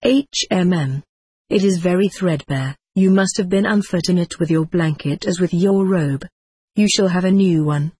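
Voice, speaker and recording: A blustering, self-important old monk who guards his stores jealously, as a woman reads him out in her own voice. The tone sits low and a little husky, scolding by turns and falsely sweet, spoken close and dry. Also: moderate pace, mellow, no room sound. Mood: oily. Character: stern, pompous older male monk overseer.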